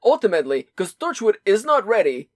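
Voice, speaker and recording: Animated, rambling podcast co-host. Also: mid-range voice, a little fast, dry recording, studio quality. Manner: rambling, animated, restarts often, swears casually. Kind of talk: casual chat.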